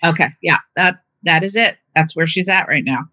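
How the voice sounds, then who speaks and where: A woman's voice: on the low side, normal speed, bright, forceful tone, no echo. A woman caring for her mother, talking in a casual, chatty way and acting out the voices in her stories. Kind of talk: casual conversation.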